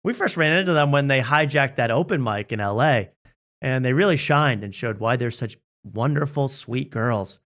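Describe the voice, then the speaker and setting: A man hosts a comedy podcast talk show, casually riffing and joking about online videos, doing mock voices and laughing often. His voice is expressive, medium-pitched and fairly bright, at a moderate pace.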